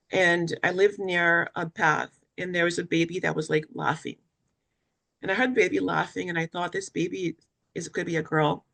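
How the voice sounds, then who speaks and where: Creaky, lowish and a bit bright, this young woman's voice carries her personal story through a webinar interview. She is a West African cancer survivor and patient advocate who speaks with earnest emotion and acts out the things others said to her.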